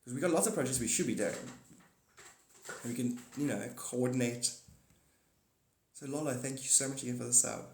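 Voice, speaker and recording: A man's voice: mid-range voice, fairly quick, long pauses, darkish tone. A man chatting on a live stream, rambling and joking, swearing now and then and correcting himself. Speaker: live streamer and paid reader. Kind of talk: casual live-stream chat. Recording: roomy echo.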